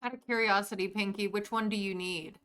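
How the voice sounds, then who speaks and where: A woman's voice: medium pitch, fairly even intonation, a little fast, a bit bright. A young woman streaming a game, chatting casually and answering her viewers by name as she reads the chat.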